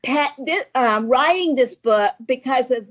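Southern woman, guest author, slightly high voice, rambling and chatty storyteller, video call. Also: animated, a little slow. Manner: chatty, rambling storyteller with many restarts and laughs. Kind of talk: casual conversation on a show.

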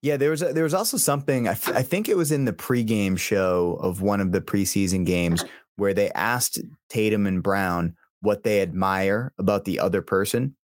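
A man co-hosting a sports podcast, telling things in a relaxed, rambling way. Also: lowish voice, normal speed, dry recording, clean studio sound. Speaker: podcast co-host. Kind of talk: casual sports chat.

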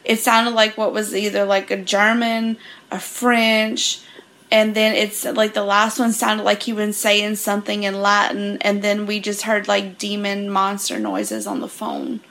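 A woman's voice: medium pitch, a little slow. A woman guest casually telling a story on a podcast, laughing often and quoting what people said. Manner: laughing, animated retelling with many quoted lines.

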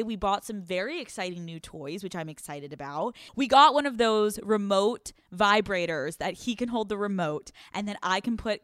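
A woman's voice: mid-range voice, a bit bright, clean tone, dry recording, studio quality. A young woman from Pennsylvania hosting a podcast, rambling through a crude comedic monologue, swearing freely and laughing often. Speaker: podcast host.

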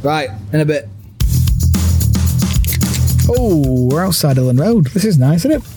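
A man's voice: on the high side, big pitch swings, measured pace, over music. A man chatting and teasing his friend outside a football ground, laughing a lot. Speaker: podcast co-host. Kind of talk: casual chat with a friend. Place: outdoors near a football ground, by a car.

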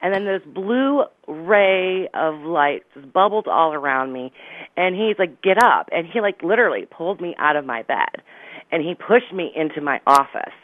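A woman's voice: lowish voice, normal speed. Middle-aged woman, psychic medium guest, dramatic storytelling, laughs often, dull lo-fi radio sound. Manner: lively, dramatic retelling with laughs. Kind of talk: animated personal storytelling.

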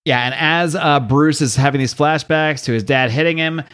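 A man hosting a podcast, recapping a comic book in a casual, animated way and slowing down for dramatic quotes. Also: a little high, clear, resonant tone. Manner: animated, reads out quotes with slow dramatic emphasis. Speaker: podcast host.

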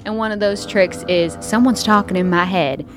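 Animated woman player in a tabletop game. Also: mid-range voice, normal speed. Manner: animated, laughing, theatrical.

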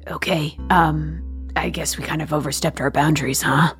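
A woman voicing a nervous, low-ranking henchman who speaks hesitantly and apologetically. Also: fairly even intonation, normal speed, faint music behind.

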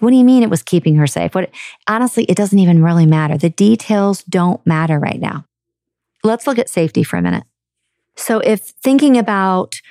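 A woman talks through a self-help podcast in an earnest, conversational way. Her voice sits a little low and sounds mellow and warm. The sound is dry and close, with no room echo. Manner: earnest, conversational, acts out quoted parents. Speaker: podcast host.

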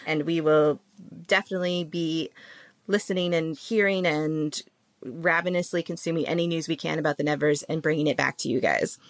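A woman's voice: low-pitched, fairly even intonation, normal speed, no echo. A woman hosting a casual podcast chat, chatty and laughing often. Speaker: podcast host.

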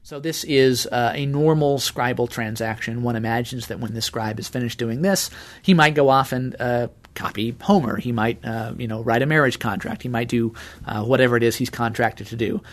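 A man speaking as an expert guest, explaining things in a measured way. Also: mid-range voice. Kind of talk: explanatory interview talk.

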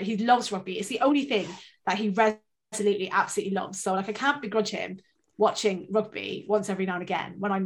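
A woman, co-hosting a casual chat and telling rambling, self-mocking stories with plenty of swearing. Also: medium pitch. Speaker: podcast co-host.

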